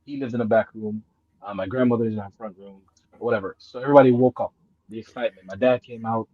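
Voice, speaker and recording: A man who grew up in Jamaica, telling a story in casual chat, swinging between loud excited bursts and low murmurs, laughing and swearing often. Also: quick pace, breathy edge, no room sound, muffled recording. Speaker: guest.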